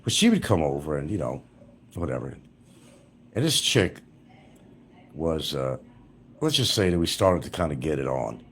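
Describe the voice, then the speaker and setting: A man's voice: extremely low pitch, very animated, normal speed, pauses often, a little hiss or hum. A middle-aged man livestreaming, telling rambling, crude and profane stories about his past.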